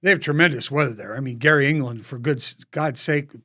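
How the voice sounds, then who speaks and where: A man's voice: medium pitch, quick pace, bright, forceful tone. A man hosting a podcast interview, joking and encouraging his guest. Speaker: podcast host. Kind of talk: casual interview chat.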